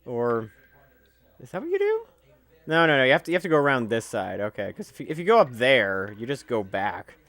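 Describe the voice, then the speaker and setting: A man giving casual, jokey commentary over a video game he is playing, talking freely and breaking into loud excited outbursts. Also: medium pitch, fast talker, few pauses, dry recording. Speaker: let's play commentator.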